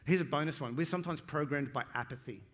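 A male pastor preaching a sermon in a conversational way, with quick asides to his congregation. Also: fairly high pitch, fairly bright tone.

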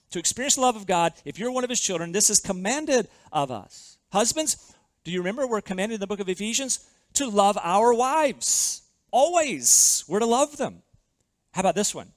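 High-voiced preacher, emphatic and dry. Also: male voice, dry recording. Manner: preaching with emphatic slowed stresses and rhetorical questions. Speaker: pastor. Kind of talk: sermon.

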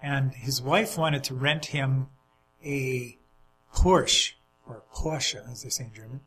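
A man's voice: medium pitch, takes it slowly, a bit bright, faint music behind, poor audio. A man chatting casually, telling rambling anecdotes with easy laughter. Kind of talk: casual chat, storytelling.

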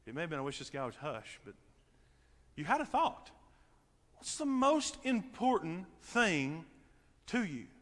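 A man preaching as pastor, his high, bright voice ringing through a church sanctuary with a long reverb. He swings between fervent shouting and a hushed, intimate near-whisper. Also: sing-song, measured pace. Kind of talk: sermon.

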